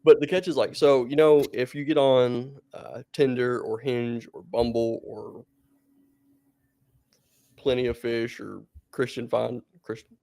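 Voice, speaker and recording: A male podcast co-host with a gravelly voice tells a story in a loose, meandering way. He breaks into laughter often. His voice sits close and dry. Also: mid-range voice, flat delivery, a little slow, mellow, dry recording. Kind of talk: casual podcast chat.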